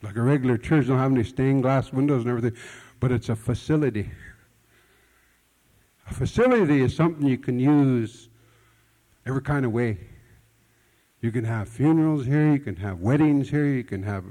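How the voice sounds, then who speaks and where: A man's voice: medium pitch, normal speed, long pauses, dark tone. A man preaching a sermon in a folksy, conversational storytelling manner, often repeating words, with nonstandard grammar. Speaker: pastor. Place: church hall. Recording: long hall reverb.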